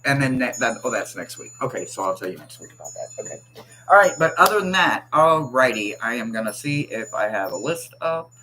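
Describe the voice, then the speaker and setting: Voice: medium pitch, sing-song, brisk, sharp tone, slight background noise, low-quality recording. Chatty livestream tarot reader. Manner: chatty, teasing, laughs often, reads chat aloud. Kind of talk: casual livestream chat.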